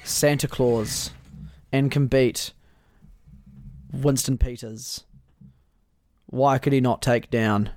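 A man's voice: mid-range voice, steady tone, slow pace, long pauses, darkish tone, a little hiss or hum. A man co-hosting a casual comedy podcast, laughing often and restarting his sentences. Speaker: podcast co-host.

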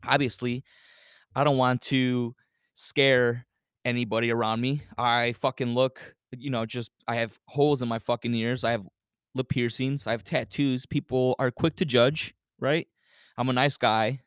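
A man's voice: medium pitch, steady tone, unhurried, a bit bright, smooth, no room sound, studio quality. A man hosting a podcast, telling a story in a loose, casual way, swearing often and filling gaps with "you know". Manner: loose, profane, filler-heavy with many "you know"s. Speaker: podcast host.

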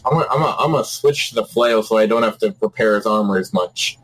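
A man's voice: lowish voice, quick pace, a bit bright, rough recording. A man casually playing a tabletop game over voice chat, throwing in playful sound effects.

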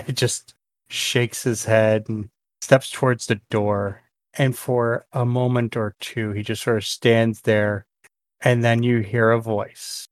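A man running a tabletop game as game master, talking slowly with fillers and restarts. His voice is mid-pitched and recorded dry with no room sound. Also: little pitch movement, no room sound. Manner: hesitant, many fillers and restarts.

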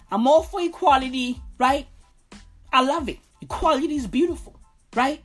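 A woman ranting comedically in an animated, profane way. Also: high-pitched, moderate pace, faint music behind. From South Africa. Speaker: comedic vlogger. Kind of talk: comedic rant.

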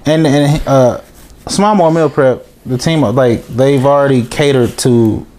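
A man's voice: medium pitch, unhurried, mellow. Man, podcast co-host, rambling, joking, lots of uhs. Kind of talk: casual podcast chat.

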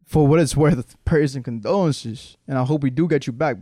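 A man's voice: medium pitch, normal speed, mellow, no room sound, clean studio sound. A man co-hosting a casual podcast, talking loosely with lots of swearing and laughter. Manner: loose, profane, laughs often. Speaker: podcast co-host. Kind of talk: casual chat.

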